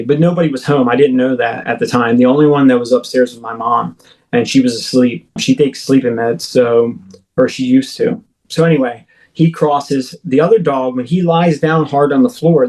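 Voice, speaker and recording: A man of ordinary pitch tells a long personal story as a podcast guest. His delivery is casual and loose, padded with "like" and "you know". He often breaks off and restarts his sentences. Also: darkish tone, poor audio. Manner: rambling, full of "like" and "you know"; self-correcting, restarts mid-sentence. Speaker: podcast guest recounting alien encounters.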